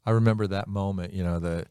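A man in his sixties, a pastor, recalling his own faith in a reflective, halting, soft-spoken way. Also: sits low, clean tone, no echo, studio quality. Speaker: pastor co-host. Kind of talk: casual chat, personal testimony.

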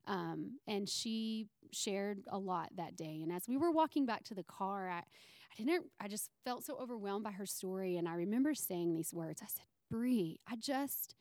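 A woman tells her story of faith as a podcast guest, animated and emotional, with plenty of "um"s and restarts. Her voice sits at a middling pitch, and the recording is dry and close. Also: moderate pace, no echo. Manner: emotional, near tears. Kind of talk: personal faith story in conversation.

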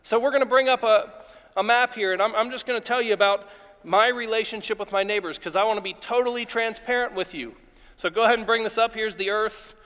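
A man from Ohio preaching a sermon as pastor, telling lively personal stories and speaking directly to his congregation. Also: high voice, fairly quick, clean tone. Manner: animated storytelling preacher, acts out yelling at his dog. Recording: long reverb of a large hall.

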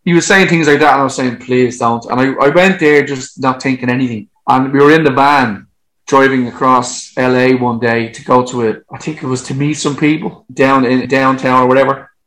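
A man being interviewed about his music career, telling long stories in a lively way, laughing and swearing as he goes. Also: mid-range voice, a little fast, low-quality recording. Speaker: musician guest. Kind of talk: casual anecdotal storytelling.

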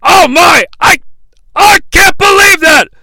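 A man's voice: very high voice, slow, creaky, pushed and bright, no echo, raised voice, voice pushed up, full character voice. A man imitating a frantic, shocked male wrestling announcer who shrieks and sputters in outrage.

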